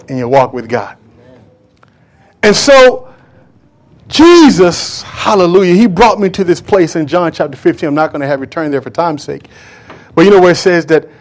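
A male pastor with a high-pitched voice preaching in church with fervent energy. He repeats his phrases for emphasis and keeps asking the congregation questions as he drives his points home. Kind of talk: preaching a sermon.

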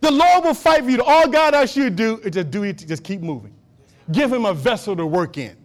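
A man preaching a sermon as a pastor, swinging between loud exhortation and soft, low asides, repeating short phrases for emphasis. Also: lively intonation, fairly quick.

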